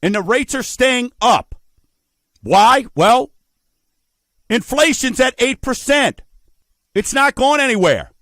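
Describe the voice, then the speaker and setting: A man's voice: very high-pitched, animated, slow pace, long pauses, fairly bright tone, dry recording. A middle-aged man hosting a radio talk show about mortgages, folksy and emphatic, asking rhetorical questions. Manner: folksy, addresses listeners as folks.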